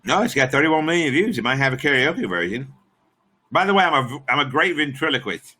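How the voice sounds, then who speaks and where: A man's voice: medium pitch, very animated, a little fast, sharp tone. A man chatting on his live stream in a rambling, crude and profane way. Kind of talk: casual live-stream chat.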